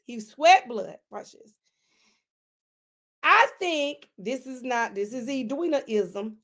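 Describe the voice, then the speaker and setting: High-voiced woman preaching emphatically. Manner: emphatic, addresses listeners directly; swings between loud emphasis and quiet asides. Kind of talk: conversational sermon teaching.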